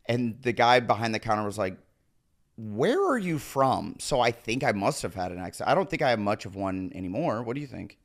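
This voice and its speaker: A man's voice: on the low side, quick pace, few pauses. A middle-aged man from Nebraska, a podcast guest in casual chat, who acts out the voices of people in his stories.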